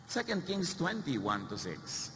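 A Filipino-accented male preacher delivers a sermon with a bright, forceful tone. He tells the stories animatedly, acting out the voices in them and adding humorous asides. His voice rings with the long reverb of a hall, over a faint hiss. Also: a little high, huge pitch swings, slow. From Philippines.

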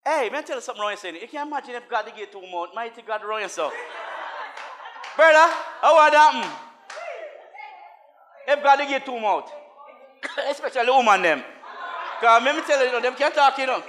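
A man preaching a sermon as a minister, mixing laughing asides with chanted, call-and-response lines and swinging from soft talk to shouts. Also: very high voice, lively intonation, brisk, long pauses, background noise.

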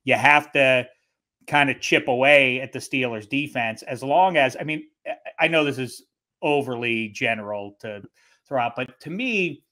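Bright-voiced man, animated football chat. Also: mid-range voice. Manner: animated, quick to put on silly voices and impressions. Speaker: guest analyst. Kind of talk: casual sports chat.

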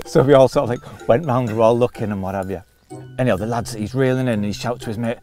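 A man's voice: on the low side, quick pace, soft background music. A man telling a long funny fishing anecdote, laughing often and acting out the other voices. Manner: animated storyteller, laughs often, acts out voices. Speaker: carp fishing show regular. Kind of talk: storytelling anecdote.

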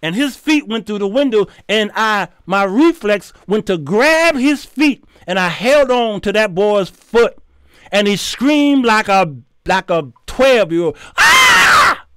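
A middle-aged man, hosting his show and telling a story in an animated, preachy way with sudden shouts. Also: high-pitched, a little slow, smooth, no echo, clean studio sound. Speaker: show host. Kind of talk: storytelling commentary.

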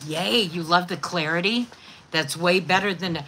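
A woman's voice: on the low side, moderate pace, pushed and bright, breathy edge. A woman chatting casually to viewers and doting on her dogs in baby talk. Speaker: vlogger. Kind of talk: casual chat to viewers and pets.

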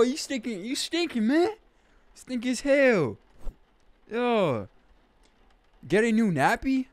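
A young man casually commenting while he plays a game, slangy and animated, breaking into loud excited outbursts. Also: very high voice, takes it slowly, long pauses, dry recording. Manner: slangy, says bro and man. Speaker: gaming YouTuber. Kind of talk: casual let's-play commentary.

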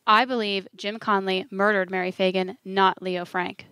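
A soft-spoken elderly man with a Southern accent, gentle and worn out, speaking in a quiet, subdued way, voiced by a woman narrating an audiobook. The sound is close and dry, with no room around it. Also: mid-range voice, little pitch movement, moderate pace, clear, resonant tone, dry recording, natural voice. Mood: weary, earnest. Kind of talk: audiobook reading.

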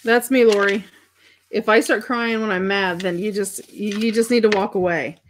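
A woman's voice: medium pitch, fairly even intonation, moderate pace, a little hiss or hum. A middle-aged woman hosting a crafting livestream, thinking aloud as she works and chatting with viewers about their comments. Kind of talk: casual craft demonstration chat.

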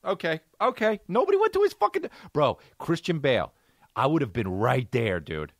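A man's voice: a little high, very animated, normal speed, no echo, studio quality. A man hosting a podcast, reacting comedically to a clip, swearing freely and mimicking what he hears. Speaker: podcast host.

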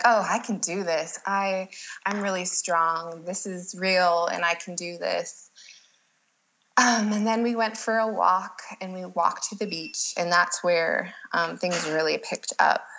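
A woman who works as a doula tells her own birth story in a casual, lively way, often saying "like" and acting out what she said at the time. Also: fairly low pitch, low-quality recording. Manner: lively, acts out her own past lines, frequent "like".

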